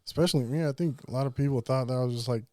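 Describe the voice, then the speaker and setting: A man's voice: mid-range voice, racing, warm tone, no room sound, clean studio sound. A man, a former bouncer, joking around in casual podcast chat and swearing freely. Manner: joking, laughs between lines, swears.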